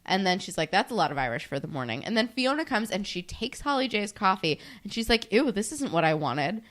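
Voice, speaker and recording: A woman's voice: mid-range voice, very animated, brisk, fairly bright tone. A young woman co-hosting a podcast, giving a blunt, wry recap of a TV episode. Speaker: podcast co-host. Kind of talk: casual recap chat.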